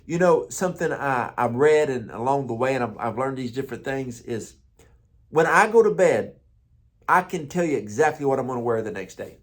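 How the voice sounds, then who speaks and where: A man's voice: medium pitch, animated, moderate pace. A man who is a pastor, giving a conversational motivational morning talk with stories and repeated words.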